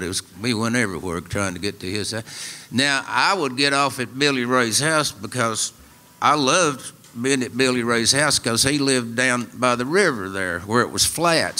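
Folksy older East Tennessee storyteller. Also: male voice, medium pitch, bright, forceful tone. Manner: folksy, wry, drawling. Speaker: storyteller and musician. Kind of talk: live storytelling to an audience. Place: radio studio with live audience.

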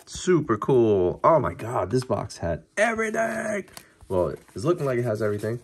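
A man casually talking through a card-opening video, chatty and excitable as he reacts to each pull. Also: medium pitch, moderate pace, slightly rough.

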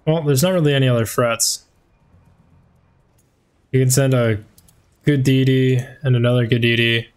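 A man's voice: medium pitch, steady tone, moderate pace, pauses often, smooth. A man streaming a game, chatting casually in slang and swearing now and then. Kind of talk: gaming commentary.

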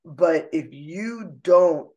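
A middle-aged woman speaking as a podcast guest, expressive and emotional, laughing often as she talks. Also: lowish voice, drawn-out words, dull audio. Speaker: podcast guest, artist and author. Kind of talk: casual conversational interview. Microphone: own microphone.

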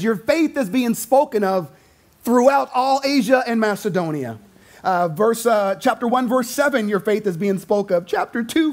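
A male pastor preaching a sermon to his congregation, acting out quoted voices as he goes. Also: high-pitched. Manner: animated, acts out quotes in voices. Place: church sanctuary.

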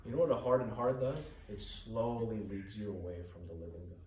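A man's voice: on the low side, fairly even intonation, a little fast, darkish tone, distant mic, a little hiss or hum. A male pastor preaching a sermon with urgent, earnest rhetorical questions. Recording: echoey room, voice from off-mic.

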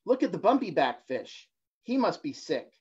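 A man voicing a small, timid male blue fish in a storybook reading, with a high, anxious voice. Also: very animated, moderate pace, darkish tone, husky, exaggerated voice. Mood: alarmed. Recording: dull lo-fi livestream audio.

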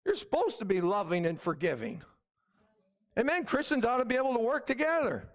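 A middle-aged male pastor delivers an emphatic sermon in a very high voice. His pitch swings widely and stays lively, and he keeps asking the room for an "Amen?". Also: brisk. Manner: emphatic preaching, repeated calls of "Amen?".

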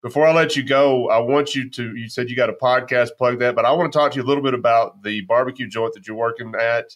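A man's voice: mid-range voice, steady tone, quick pace. A man hosting a podcast, enthusiastic and friendly as he interviews a guest. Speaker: podcast host.

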